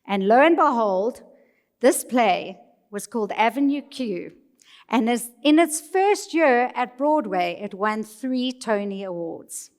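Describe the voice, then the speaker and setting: A middle-aged woman with a South African accent, telling a personal story to a live audience in an animated, playful way. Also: a little high, slow. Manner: animated, playful, quotes people in put-on voices. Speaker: speaker. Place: large hall. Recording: long reverb of a large hall.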